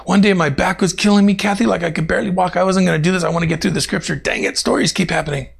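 A man preaching in a warm, chatty way, weaving personal stories into his sermon. His voice is a bit high for a man and has a gravelly edge. He often turns to the congregation and addresses people by name. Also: rapid-fire. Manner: animated, talks directly to congregation members by name. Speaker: pastor.

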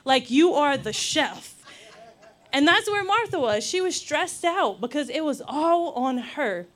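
Woman preacher, high voice, animated, laughing, acting out quotes. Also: unhurried. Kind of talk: sermon.

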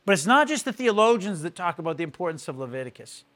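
Male pastor with a fairly high voice, earnest and halting, teaching scripture. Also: very animated, bright, forceful tone. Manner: earnest, repeats words when starting phrases. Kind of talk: sermon-style Bible teaching.

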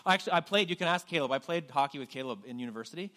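A man's voice: a little high, animated, rapid-fire, a bit bright. Man preaching a casual, self-deprecating sermon. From New Brunswick, Canada. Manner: conversational, self-deprecating preaching with many restarts. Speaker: pastor.

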